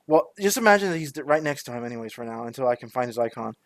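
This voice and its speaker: A man running a tabletop game as game master, chatty and halting as he narrates. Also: medium pitch, animated, dry recording. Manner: chatty, halting, searches for words.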